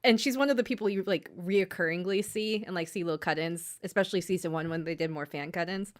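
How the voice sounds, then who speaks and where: A woman co-hosting a podcast, recapping an anime in relaxed, casual chat with many fillers. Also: lowish voice, fast. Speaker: podcast co-host.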